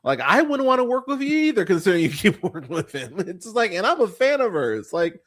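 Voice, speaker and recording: A man hosting a podcast, ranting in casual chat about bad films, swearing, laughing and jumping up in pitch when exasperated. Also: fast. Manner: exasperated, profane, laughs often, animated pitch jumps. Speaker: podcast host. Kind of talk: casual ranting film review.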